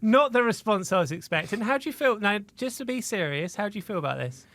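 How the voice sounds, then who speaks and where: An Australian man hosts a podcast with playful teasing. His voice sits high and swings widely in pitch. The sound is bright and dry. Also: fast, no echo. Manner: jokey, teasing, lively. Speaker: podcast host. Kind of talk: casual podcast chat.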